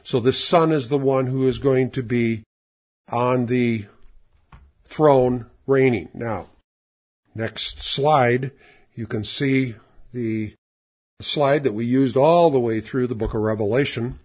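Husky man teaching scripture. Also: mid-range voice, steady tone, darkish tone. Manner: emphatic, slows down to stress scripture phrases. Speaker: Bible teacher. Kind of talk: sermon-style Bible lesson. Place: church or classroom with slides.

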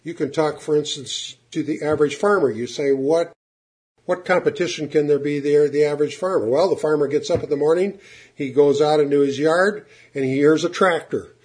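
A man's voice: fairly high pitch, a little mellow. Earnest man preaching a sermon. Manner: earnest, emphatic, slows down to stress words.

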